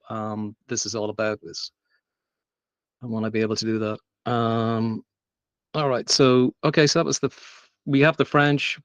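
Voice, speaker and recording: A man with a medium-pitched voice, recorded dry with no echo and a dull lo-fi sound, presents at a meetup. He gives a live tech demo in a casual way, full of fillers and restarts.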